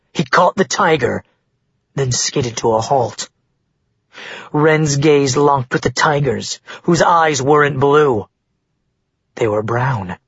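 Husky male audiobook narrator, dry booth sound. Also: mid-range voice, no echo, lo-fi sound. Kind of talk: scripted narration.

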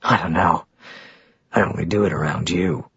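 A man voicing a gentle, protective young man, speaking calmly and firmly in a low, soft voice. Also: normal speed, creaky, slightly rough, dry recording, dull audio, heavily acted. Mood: tender. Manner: calm, firm, low and soft.

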